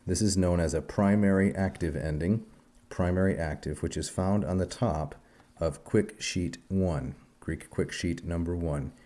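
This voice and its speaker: A low, mellow male voice gives a recorded Greek lesson. He explains terms carefully and drills word endings aloud in a methodical rhythm. The tone stays calm and instructive throughout. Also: a little slow. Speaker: Greek teacher.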